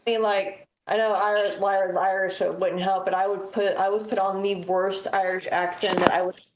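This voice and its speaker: A woman's voice: mid-range voice, little pitch movement, moderate pace, lo-fi sound. Blunt, swearing woman in an echoey room. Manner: blunt, swears freely, storytelling. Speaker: podcast co-host. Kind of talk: casual chat. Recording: roomy echo.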